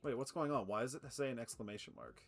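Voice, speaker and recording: A man streaming a factory game live, excitable and swearing, laughing often and cooing at his cat. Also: medium pitch, fast talker, gravelly, faint music behind. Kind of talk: live gameplay commentary.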